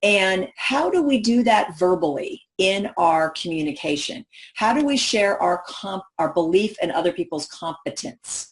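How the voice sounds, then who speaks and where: Woman workshop presenter, animated, question-driven delivery to a live audience. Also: medium pitch, a little slow. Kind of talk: professional development workshop talk.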